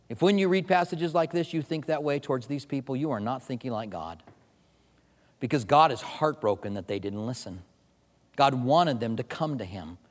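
A middle-aged man preaching a sermon, telling a personal story with animated, self-mocking humor. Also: on the high side. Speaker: pastor. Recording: long reverb of a large hall.

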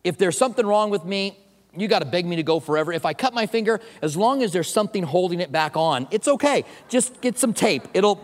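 A middle-aged man preaching a sermon, telling a personal story with animated, self-mocking humor. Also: high voice, brisk. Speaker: pastor. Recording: long reverb of a large hall.

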